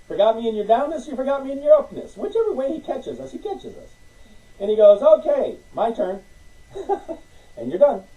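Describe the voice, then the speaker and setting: Animated preacher with a high, lively voice. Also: male voice, distant mic, highs cut off. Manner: animated, acts out conversations with God, laughs often. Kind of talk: sermon.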